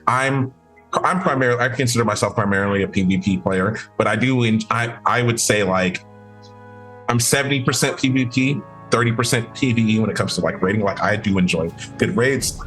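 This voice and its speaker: A low-voiced young man talks casually as a podcast guest, circling his points with frequent restarts and fillers. Faint music plays quietly under the talk. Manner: rambling, many restarts and fillers.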